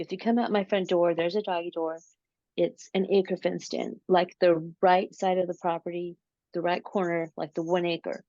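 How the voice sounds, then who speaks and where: Low-voiced woman telling a story. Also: dry recording, dull audio. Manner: animated, repeats words, acts out her own quotes. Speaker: interview guest. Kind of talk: casual storytelling.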